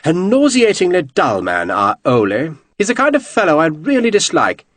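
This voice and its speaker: A man's voice: on the high side, huge pitch swings, moderate pace, fairly bright tone, no room sound, pitched above the performer's own voice, heavily acted. A man voicing a cheerful, urbane renegade officer who speaks in a suave, mocking drawl. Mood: amused, urbane.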